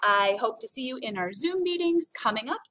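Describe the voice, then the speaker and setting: An American woman teaching a recorded French lesson, upbeat and explaining slowly as she demonstrates sounds. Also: on the high side, lively intonation, sharp tone, a little hiss or hum. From United States.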